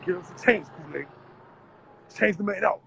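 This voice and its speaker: A man's voice: sits high, normal speed, vocal fry, noisy background. A man, vlogging on city streets in a brash, profane, laughing rant. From Louisiana. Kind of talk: casual street vlog rant.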